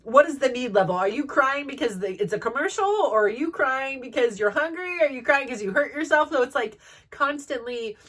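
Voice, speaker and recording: A woman's voice: high voice, expressive, a little fast, fairly bright tone, distant mic. A woman telling personal stories in a chatty way, laughing often and filling with "like". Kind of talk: personal storytelling.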